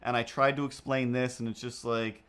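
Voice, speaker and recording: A male livestream host with a clear, resonant, mid-range voice tells stories casually at a moderate pace while drawing. He rambles, saying "like" a lot and restarting often, in an odd self-made accent that's hard to place, and jumps into squeaky voices for the people he quotes.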